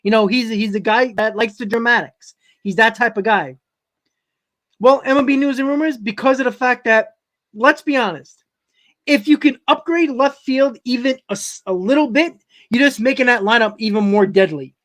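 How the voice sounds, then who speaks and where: A man's voice: extremely high pitch, moderate pace, a bit bright. A man with a New York accent hosting a live-stream sports talk show, rambling and often correcting himself as he answers his chat. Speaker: host.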